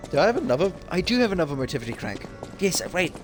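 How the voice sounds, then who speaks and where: A man's voice: on the high side, big pitch swings, fast talker, soft background music. A young man casually commenting on his gameplay, rambling and restarting his thoughts. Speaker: gamer.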